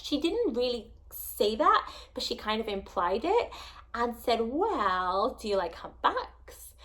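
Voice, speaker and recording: A young woman tells a travel story to her camera with rising excitement. She sounds close to tears and sometimes drops to a hushed whisper. Her voice sits a little high. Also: slow. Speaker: travel vlogger.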